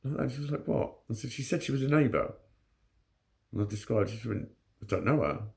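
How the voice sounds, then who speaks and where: A man's voice: mid-range voice, expressive, a little fast, creaky, darkish tone. A man telling a story to camera in casual vlog talk, blunt and full of swearing, laughing often. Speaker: vlogger.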